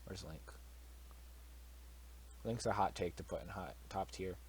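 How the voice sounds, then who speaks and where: A man's voice: low voice, a little slow, a little hiss or hum. A young man giving casual solo commentary, blunt and swearing freely, with incredulous outbursts.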